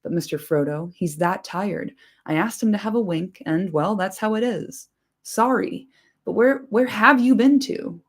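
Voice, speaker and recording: A woman doing a rough, loyal manservant. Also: medium pitch, a little slow, close to an everyday voice. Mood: apologetic. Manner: rough, earnest. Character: loyal, rough-spoken male servant, protective.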